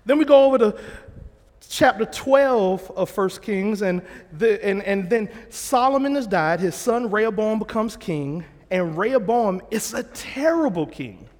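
A man's voice: high voice, lively intonation, measured pace, a little mellow, long reverb tail. A man preaching a sermon, retelling scripture in a plain, conversational way and correcting himself as he goes. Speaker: pastor.

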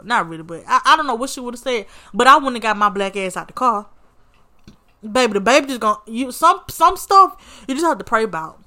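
A woman's voice: mid-range voice, fairly quick. A woman hosting her show and telling a story in casual, sassy commentary, cursing and calling her listener honey and baby. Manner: sassy, animated, swears freely, calls listener honey and baby. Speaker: podcast host.

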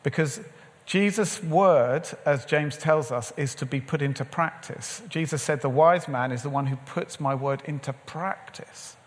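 A man's voice: on the high side, measured pace. A middle-aged man preaching a sermon, telling a personal story in a conversational way and acting out the dialogue. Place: large church or event hall. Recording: long hall reverb.

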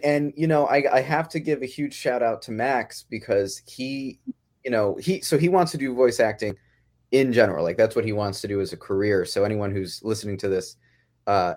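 A man's voice: medium pitch, darkish tone. A man who writes and directs a podcast sitcom, talking casually in a rambling way, often breaking off mid-phrase and chuckling.

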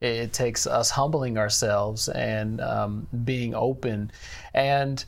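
A man's voice: mid-range voice, fairly even intonation, creaky. Earnest man talking about faith. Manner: earnest, measured, frequent "you know" fillers. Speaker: ministry director. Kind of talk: faith interview conversation.

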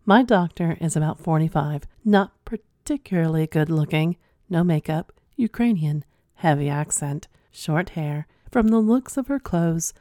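Low-voiced woman reading a listener story out loud, frank, slips into whispers, dry close sound. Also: dry recording. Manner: frank, drops to an unvoiced whisper at times. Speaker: podcast host reading listener stories. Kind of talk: reading a submitted story aloud, then casual comment.

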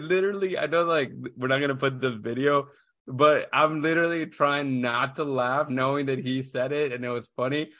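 A man's voice: medium pitch, bright, forceful tone, dry recording, studio quality. A man in his thirties hosting a podcast, telling a story in a loose, rambling way full of fillers and restarts. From Houston area, USA. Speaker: podcast host. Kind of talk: casual chat.

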